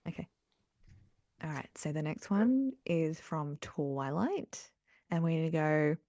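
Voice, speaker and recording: A woman's voice: deep voice, animated, takes it slowly, warm tone, no room sound, studio quality. A woman co-hosting a casual chat podcast, playful and laughing often, with whispered asides to listeners. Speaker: podcast co-host.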